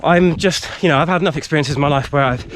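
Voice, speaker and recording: With a higher-than-average voice and a quick pace, a man vlogs outdoors among trees while slight background noise plays. He's a touch winded from running and rambles animatedly through a story, often using fillers.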